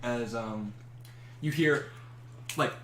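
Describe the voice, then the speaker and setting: A man narrating as dungeon master in a casual, halting way full of fillers. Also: mid-range voice, animated, bright, forceful tone. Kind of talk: narrating a tabletop game. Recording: echoey room with background noise.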